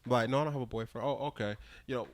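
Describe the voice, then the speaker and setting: In studio-quality audio with no echo, a young man racing along in a mid-range voice shares a story on the podcast he co-hosts. Blunt and animated, he acts out each party's lines in quoted voices during the casual chat.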